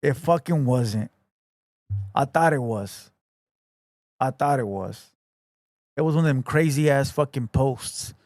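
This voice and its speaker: A man's voice: medium pitch, measured pace, long pauses, darkish tone, no echo, clean studio sound. A male podcast host, chatting casually to a livestream audience in blunt, profane, laid-back street slang. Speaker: podcast host reading viewer comments.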